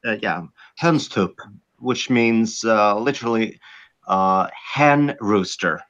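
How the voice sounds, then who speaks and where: A man's voice: lowish voice, slow, a bit bright, muffled recording. A Swedish man speaking English with a Swedish accent, chatting casually on a podcast with many fillers and restarts. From Sweden. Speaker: guest.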